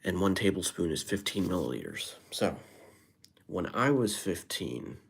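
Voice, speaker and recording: A man's voice: low-pitched, big pitch swings, unhurried, gravelly, husky. A man chatting casually on a live stream, playfully rhyming and dropping into whispers. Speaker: livestreamer. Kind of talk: casual live-stream chat with freestyle rhymes.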